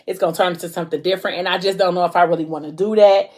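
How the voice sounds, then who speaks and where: A blunt, streetwise young man who keeps his guard up, as a woman reads him out. He speaks low and plainly, with little fuss, while retelling his side of a scene. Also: steady tone, racing, darkish tone, close to an everyday voice. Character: tough young male hustler, blunt and guarded.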